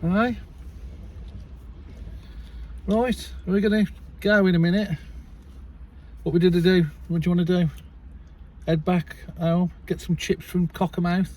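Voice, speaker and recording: A man's voice: high-pitched, fairly even intonation, normal speed, pauses often, darkish tone, recorded from a distance. A man telling a long story in casual chat, rambling and swearing freely, recorded inside a car. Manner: rambling, keeps restarting with "so anyway". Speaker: vlogger.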